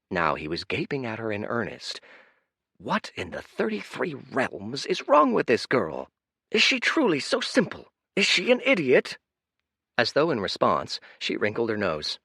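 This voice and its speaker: A man reading an audiobook aloud in scripted narration, expressive and animated. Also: mid-range voice, measured pace, gravelly, breathy edge, dry recording, clean studio sound.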